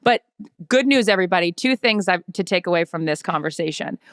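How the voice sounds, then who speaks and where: A woman co-hosting a podcast, telling a lively anecdote in casual chat, swearing freely and acting out what people said. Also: fairly low pitch, a little fast, no room sound, clean studio sound. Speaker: podcast co-host.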